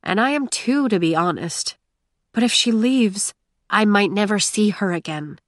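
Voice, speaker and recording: A woman voicing a flustered, lovesick young man in an audiobook, speaking softly and pleadingly. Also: mid-range voice, unhurried, no echo, clean studio sound, natural voice. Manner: soft, pleading.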